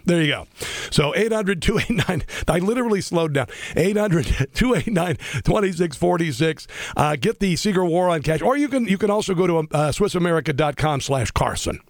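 A man hosting a political talk radio show, sarcastic and combative, talking fast with many restarts. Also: fairly high pitch, expressive, no echo.

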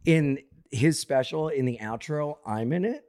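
A man's voice: fairly high pitch, measured pace. A man, a comedian, trading stories in casual podcast banter and acting out the people he quotes. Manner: animated storyteller, acts out quoted voices loudly. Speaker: comedian guest.

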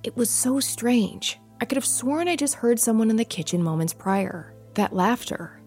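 A woman giving a measured, suspenseful first-person narration of a ghost story. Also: fairly high pitch, expressive, darkish tone. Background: faint music.

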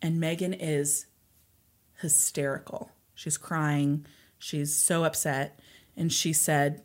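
Podcast co-host, woman, storytelling, rambling "and so", slightly low voice. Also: flat delivery, takes it slowly. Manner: retells the story at length with frequent "like" and "and so".

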